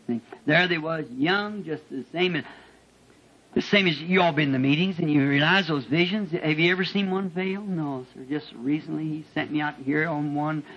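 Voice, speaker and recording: Old taped preacher, impassioned. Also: male voice. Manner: emotional, rising to high-pitched bursts when telling his story. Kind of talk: sermon testimony. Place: church meeting. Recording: dull lo-fi archival tape.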